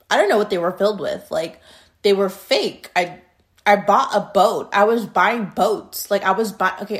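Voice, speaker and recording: A young woman talks straight into the mic in a loose, rambling monologue, swearing freely and drifting from one tangent to the next. Her voice jumps from loud, emphatic lines down to quiet, mumbled asides. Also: mid-range voice. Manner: rambling, profane and blunt, with frequent tangents; loudness swings between emphatic bursts and muttered asides. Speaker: podcast host. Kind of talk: casual storytelling monologue.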